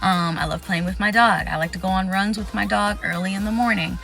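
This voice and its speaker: Young woman, bright voice, casual talking-to-camera chat, faint background music. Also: mid-range voice, steady tone, vocal fry. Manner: candid and chatty, lists things off quickly. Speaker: vlogger sharing exam advice.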